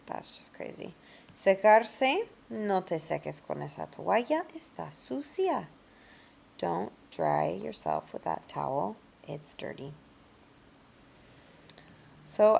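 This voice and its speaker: A woman with a low, deeply gravelly voice teaches a grammar lesson. She speaks unhurriedly and patiently, working step by step through each rule. She pronounces the example words slowly and carefully. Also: a little mellow, slight background noise. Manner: patient, explains step by step with examples in both languages. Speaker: Spanish teacher.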